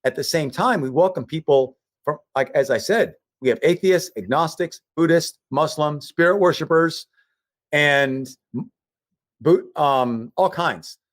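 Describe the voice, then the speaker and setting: An earnest man speaks in a fairly high voice over a remote call. He piles up short emphatic phrases. The sound is dry and close. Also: unhurried, no room sound. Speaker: guest, humanitarian relief leader. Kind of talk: emotional personal storytelling.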